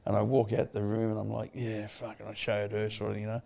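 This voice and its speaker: Gravelly older Australian man, blunt. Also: on the low side, very fast. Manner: blunt, swears freely, animated retelling. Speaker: podcast guest. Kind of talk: candid interview storytelling.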